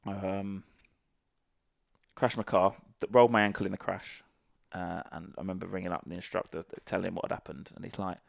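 A man with a low, gravelly voice recounts old training stories in a loose, profane, storytelling way. He is recorded close and dry, with no room sound. The interview is casual. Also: little pitch movement, a little fast, no echo. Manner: salty, sweary anecdotal storytelling. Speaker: guest, former army sniper.

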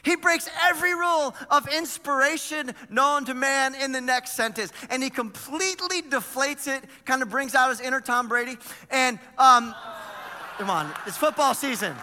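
Male pastor, animated sermon delivery, sharp high voice, reverberant sanctuary. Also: moderate pace, some chatter behind, a little hiss or hum. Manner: energetic, animated preaching with paraphrased dialogue.

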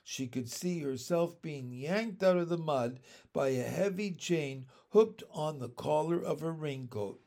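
A man narrating a children's book aloud in a measured, expressive storytelling manner. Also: fairly high pitch.

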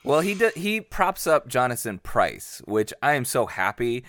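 An excitable man in a casual film chat, his voice bright and bouncing across a wide range. The sound is dry and close, with jokey asides tossed in quickly. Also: mid-range voice, no room sound.

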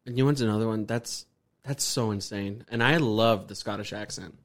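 A young man hosting a casual podcast chat, excitable and profane, directing clips to be played. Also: fairly low pitch, normal speed. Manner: excitable, swears, directs playback. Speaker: podcast host.

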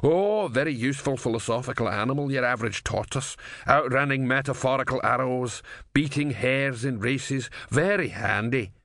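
A man's voice: mid-range voice, normal speed, creaky, a bit bright, no room sound, clean studio sound. A man voicing a chatty, easygoing male barman in an audiobook, talking in a homely way.

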